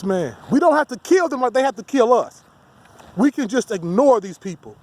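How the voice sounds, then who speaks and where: A man delivering a heated, profane, rambling rant as a solo vlogger. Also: extremely high pitch. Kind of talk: ranting monologue to camera.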